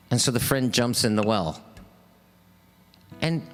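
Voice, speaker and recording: Halting, rambling man with lively pitch. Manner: halting, rambling, lots of fillers. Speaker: singer-songwriter performing a live stream. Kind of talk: casual chat between songs.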